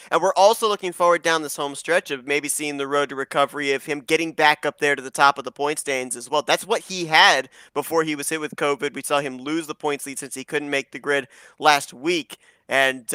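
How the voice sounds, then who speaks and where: A man's voice: on the high side, sharp tone, clear, resonant tone, no room sound. A man commentating a race broadcast in a polished, upbeat broadcaster manner, running through standings and results. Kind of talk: play-by-play commentary.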